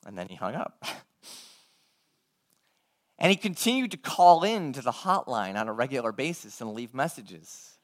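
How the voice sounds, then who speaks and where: A male preacher tells a story in an earnest, measured sermon. His voice sits at a middle male pitch, neither high nor low. He takes his time with each line and acts out the dialogue he quotes. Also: big pitch swings.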